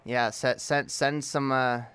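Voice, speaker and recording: A man's voice: mid-range voice, level tone, slow, a bit bright, clear, resonant tone, no room sound. A man hosting a casual livestream, greeting his chat in a laid-back, profane way. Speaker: livestream host.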